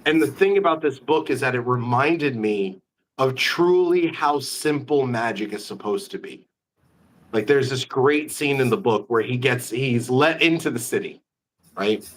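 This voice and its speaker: A man hosting a casual live-stream interview, an animated storyteller full of quick asides. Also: medium pitch, a little hiss or hum. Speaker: magician, host.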